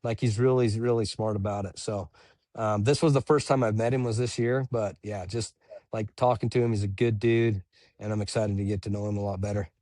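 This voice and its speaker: A young man telling race stories in relaxed casual chat, dropping "dude" and "bro" as he goes. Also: fairly low pitch, brisk, no echo. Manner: laid-back, says "dude" and "bro" a lot. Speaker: podcast guest, ultramarathon runner.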